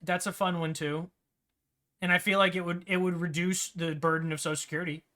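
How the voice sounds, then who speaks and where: Bright-voiced ranting male stream host. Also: high-pitched, flat delivery, fairly quick. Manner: ranting, profane, rambling. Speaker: game master and stream host. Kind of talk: loud casual stream chat.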